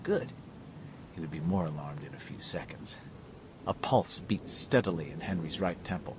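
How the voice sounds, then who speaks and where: A man reading a novel aloud as scripted narration, telling the story in a measured, lively way. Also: low voice, highs cut off, slight background noise. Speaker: audiobook narrator.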